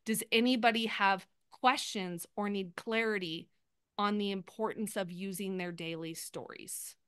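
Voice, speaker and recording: A woman coaching a group over a video call, upbeat and quick, often acting out sample posts in lively bursts. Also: medium pitch, clear, resonant tone, no room sound, studio quality. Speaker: sales coach.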